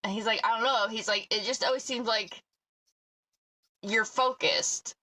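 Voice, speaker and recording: A woman co-hosting a podcast in casual chat, blunt and animated as she tells stories. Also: a little high, unhurried, poor audio. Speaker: podcast co-host.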